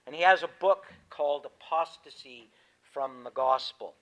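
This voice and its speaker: A pastor preaches a sermon, talking easily with his congregation before reading scripture aloud with rising emphasis. His voice is mid-range and fairly bright, at a normal speed, on a low-quality recording.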